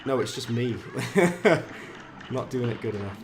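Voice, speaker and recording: Brief: Welsh Valleys-accented male streamer, mid-pitched, easygoing self-mockery, game music clearly behind him. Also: animated, normal speed. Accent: South Wales Valleys. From South Wales. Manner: chatty, self-mocking, bursts up in pitch when frustrated. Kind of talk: casual live game-stream commentary.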